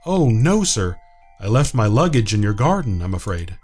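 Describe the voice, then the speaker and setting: A man voicing a gentle, polite young woman guest in a visual novel who speaks formally and softly. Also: on the low side, big pitch swings, normal speed, husky, soft background music. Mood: polite, shy. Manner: formal, soft, affectionate.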